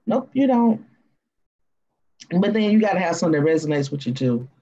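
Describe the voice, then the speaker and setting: A woman with a Cajun accent hosting a casual live stream, rambling in a folksy way with drawn-out fillers. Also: on the low side, very animated, dark tone, lo-fi sound. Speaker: live-stream host reading cards.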